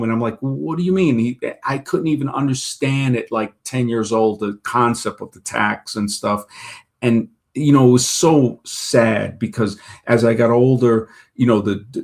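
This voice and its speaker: Rambling man with halting restarts. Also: mid-range voice, darkish tone. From Brooklyn, New York. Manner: rambling, many restarts, acts out quoted people. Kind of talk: casual talk-show chat.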